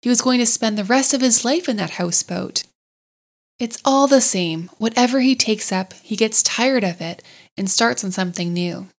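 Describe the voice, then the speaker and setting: A woman voicing a cheerful, sociable male water rat who talks in a hearty, brisk way. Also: fairly high pitch. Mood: chatty.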